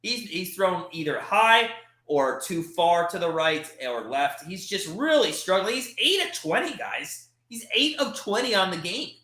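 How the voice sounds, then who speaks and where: Animated man calling a game live. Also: high voice, measured pace, roomy sound. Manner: frustrated, animated, swings from calm play calls to exasperated outbursts. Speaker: watch party host. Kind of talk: live play-by-play fan commentary.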